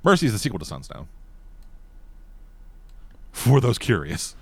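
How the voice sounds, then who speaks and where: A man's voice: lowish voice, huge pitch swings, a little slow, gravelly, breathy edge. A man in casual podcast chat, talking crudely and animatedly and laughing often. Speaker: podcast co-host.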